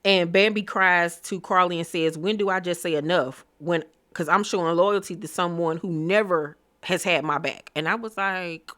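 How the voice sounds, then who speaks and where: Woman, low-ish voice, sassy casual TV recapper, blunt opinions. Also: moderate pace, hardly any pauses, a bit bright. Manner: sassy, blunt, quotes cast members mid-story. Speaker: recap vlogger.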